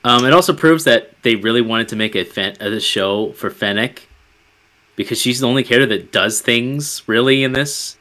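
Dude with a bright edgy voice, dry sarcastic podcast cohost. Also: male voice, mid-range voice, moderate pace. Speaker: podcast co-host. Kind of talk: casual chat review.

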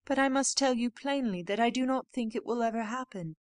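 A woman's voice: fairly high pitch, a little fast, no room sound, voice pushed up, close to an everyday voice. Woman doing a sweet honest young heroine, earnest and firm, dry close sound.

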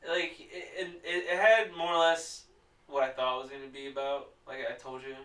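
A man's voice: medium pitch, little pitch movement, moderate pace, a bit bright, far from the mic. A man who is a podcast guest, chatting in a laid-back way and laughing often. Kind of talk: casual chat. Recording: echoey room, off-mic.

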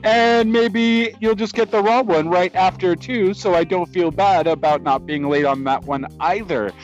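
A man's voice: high-pitched, normal speed, highs cut off, faint music behind. A Canadian man co-hosting a podcast, chatting casually and laughing at himself. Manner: animated, laughing, self-mocking. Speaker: podcast co-host.

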